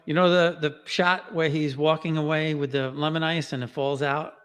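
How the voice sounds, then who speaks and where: New York man, interview guest, a bit high-pitched, chatty and repetitive, in a reverberant hall. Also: level tone, moderate pace, fairly bright tone, clear, resonant tone. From Queens, New York. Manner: chatty, repeats words, laughs often. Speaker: guest, genealogy author and podcaster. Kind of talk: casual interview chat.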